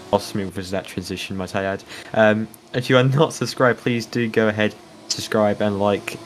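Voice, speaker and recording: A man's voice: fairly low pitch, slight background noise, low-quality recording. A man, commentating a sim racing stream in a casual, joking manner. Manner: joking, playful, chatty with chat.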